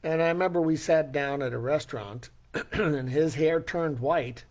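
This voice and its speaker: A man's voice: a little high, normal speed. An older man giving a motivational talk, telling a personal story in an earnest, reflective way and asking rhetorical questions. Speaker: speaker.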